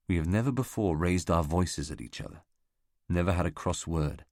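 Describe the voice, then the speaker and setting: A man narrating a novel as an audiobook reader, in a measured, even delivery. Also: deep voice, no room sound, studio quality. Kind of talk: scripted narration.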